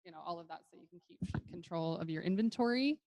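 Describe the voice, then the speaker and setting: A woman's voice: lowish voice, quick pace, rough recording. Chatty American woman presenting a workshop. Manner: chatty, relaxed, laughs often. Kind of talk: casual instructional walkthrough.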